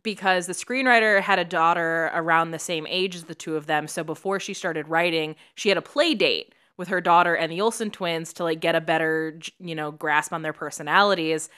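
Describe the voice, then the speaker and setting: Woman from Chicago, podcast co-host, lower-ish voice, very bright and crisp tone, storytelling. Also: a little fast, few pauses. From Chicago, USA. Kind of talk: casual film discussion.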